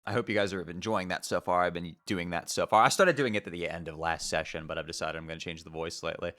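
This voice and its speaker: A man's voice: deep voice, fairly even intonation, fast, sharp tone. A young man streaming, chatting casually and joking between readings.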